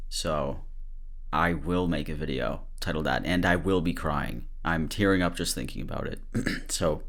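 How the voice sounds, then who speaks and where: A man's voice: rumbling low, a little slow, fairly bright tone. A man hosting a podcast, reacting candidly to a clip with laughter and blunt swearing. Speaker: podcast host. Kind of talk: casual commentary.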